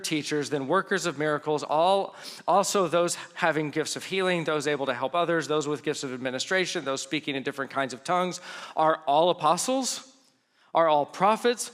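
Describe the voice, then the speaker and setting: A man's voice: fairly high pitch, fairly bright tone, in a large hall. A man giving a sermon as pastor, preaching earnestly with rhetorical questions and scripture readings.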